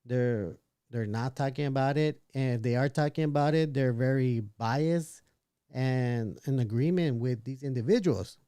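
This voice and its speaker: A man hosts a casual livestream podcast, reading chat messages aloud and offering his opinions, often restarting his sentences. His mid-range voice is mellow and smooth, delivered at a measured pace in a dry recording.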